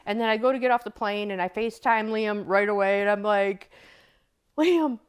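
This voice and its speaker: Smooth-voiced middle-aged woman telling a story. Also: medium pitch, fairly quick. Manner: animated storyteller, acts out quoted voices. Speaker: mother of the host, guest. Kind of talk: casual storytelling chat.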